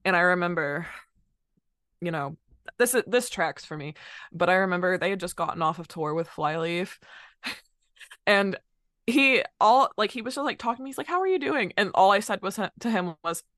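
A young woman from North Carolina, a musician chatting as a podcast guest, animated and quick to laugh as she tells stories. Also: on the low side, no room sound, clean studio sound. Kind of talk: casual podcast chat.

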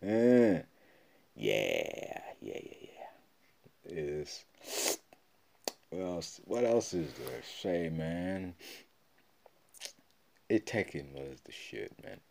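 A man hosting a solo podcast, rambling and swearing as he excitedly retells old video game memories. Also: low voice, extremely slow, vocal fry, long pauses. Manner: rambling, profane, excited storytelling. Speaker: podcast host. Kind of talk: casual solo podcast talk.

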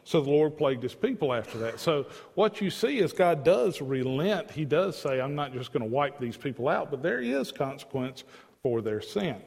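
A man's voice: a little high, very animated, moderate pace, gravelly, darkish tone, husky. A man preaching an evening sermon as pastor, earnest and emphatic, with pleading asides, in a church sanctuary. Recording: long church hall reverb.

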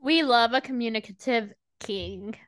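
A woman's voice: a little high, a little slow, a bit bright, dry recording. A woman co-hosting a podcast, upbeat and agreeable in casual chat about an anime, bothered by allergies. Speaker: podcast co-host.

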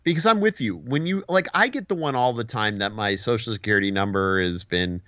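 A low-voiced man chatting casually, agreeable and a little rambling. The sound is dry and dull, with muffled highs. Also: a little fast, a bit bright, no echo. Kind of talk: casual chat.

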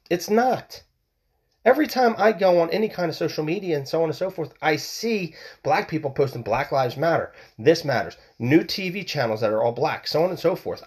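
A man hosting his own podcast, delivering a blunt, heated opinion monologue with frequent swearing. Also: mid-range voice. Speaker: podcast host.

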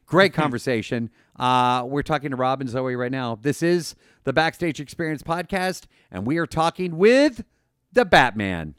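A man's voice: mid-range voice, very animated, normal speed, a bit bright, clean tone, no echo. Chatty, rambling male podcast host. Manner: enthusiastic, rambling, repeats words. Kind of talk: casual podcast chat.

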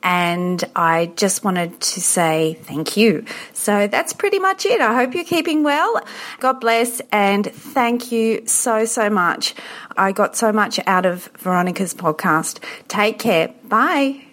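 A woman's voice: mid-range voice, big pitch swings, slow, fairly bright tone. A woman from Australia leaving a gushing, grateful voice message for a podcast host. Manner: gushing, effusive. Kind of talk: recorded voice message.

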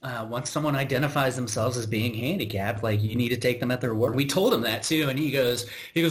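A man's voice: medium pitch, brisk, hardly any pauses, a little hiss or hum. An American man hosting a podcast, telling a work story in a rambling, exasperated way with many restarts and asides. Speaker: podcast host. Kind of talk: casual conversational storytelling.

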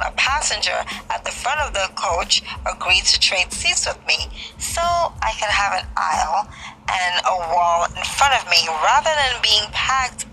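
Bright, gravelly woman reading aloud. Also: medium pitch, low-quality recording. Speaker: book reader.

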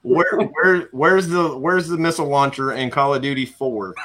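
Joking bright-voiced man hosting a chat. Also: medium pitch, normal speed. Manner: joking, loose, slangy. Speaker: host. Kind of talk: casual podcast chat.

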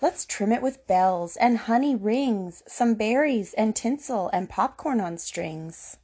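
A woman's voice: on the high side, animated, slow pace, mellow, husky, full character voice. A woman voicing a cheerful, drowsy papa bear in a storybook reading. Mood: jolly.

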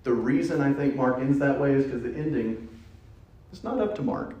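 A man preaching a sermon in a church, playful and animated, dropping suddenly to a hush. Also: mid-range voice, normal speed, highs cut off. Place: church sanctuary. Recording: echoey church hall.

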